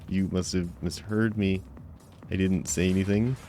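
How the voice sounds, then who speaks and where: A man with a deep, low voice commentates a live game stream, chatting with his viewers. He is playful and mock-offended, stumbling over his words in quick restarts. Soft music plays faintly behind him. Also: fairly even intonation.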